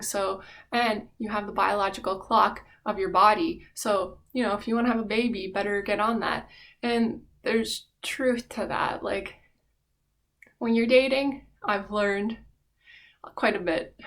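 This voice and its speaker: Candid woman with a gravelly voice. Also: medium pitch, a bit bright. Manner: rambling, candid, many fillers. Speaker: vlogger. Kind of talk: casual reflective monologue.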